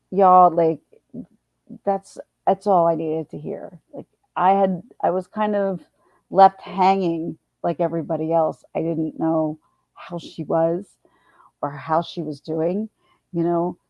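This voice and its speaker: Middle-aged lady rambling on her livestream, lowish voice, dry dull lo-fi sound. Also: no echo. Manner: rambling, chatty, many restarts and fillers. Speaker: livestream host. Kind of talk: casual livestream chat.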